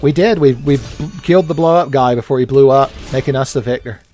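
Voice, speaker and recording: A man giving joking, casual commentary while playing a video game, jumping up in pitch when excited. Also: fast talker. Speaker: let's play host.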